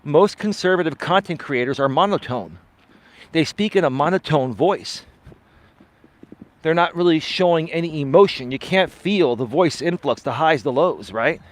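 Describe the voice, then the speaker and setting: A man, a life coach, chatting live with viewers while out on a walk, swinging his pitch up and down and often asking "right?". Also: animated, moderate pace. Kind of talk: live-stream chat answering viewer comments. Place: outdoors on a walk.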